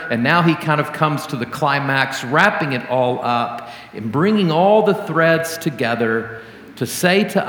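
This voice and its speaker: A male pastor preaching a sermon in an earnest teaching manner, slowing down to stress key words. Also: fairly high pitch, fairly bright tone. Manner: earnest teaching, slows for emphasis. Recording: roomy hall with long reverb.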